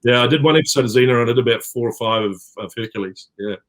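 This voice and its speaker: A man's voice: mid-range voice, racing, fairly bright tone. A middle-aged man with a New Zealand accent, chatting as an interview guest, rambling with many fillers and restarts. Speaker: actor guest. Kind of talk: casual interview chat.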